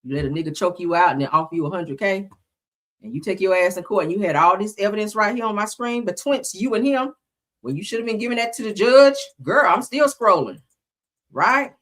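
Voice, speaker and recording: A woman's voice: medium pitch, lively intonation, a little fast, a bit bright. A woman hosting a casual live-stream gossip commentary, talking in a dramatic, profane, chatty way.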